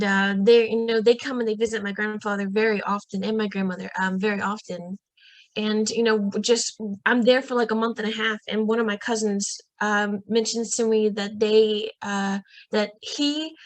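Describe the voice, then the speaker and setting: A young woman guest on a podcast, telling a personal story in a lively, casual way and acting out what people said. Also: no echo. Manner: lively, acts out quoted voices in a higher pitch; frequent fillers and restarts.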